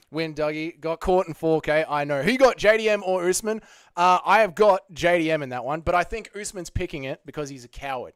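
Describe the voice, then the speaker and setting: Aussie bloke, young, hosts an MMA stream; animated, swears freely, smooth voice, dry sound. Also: male voice, mid-range voice, no echo. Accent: Australian. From Australia (Melbourne). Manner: swears freely, loose and joking. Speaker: MMA channel host. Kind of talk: casual livestream chat, reading chat aloud.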